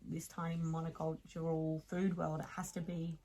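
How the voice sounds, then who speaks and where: A woman with an Australian accent, a podcast guest telling stories in casual chat, animated, laughing often and restarting sentences. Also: low-pitched, normal speed, low-quality recording.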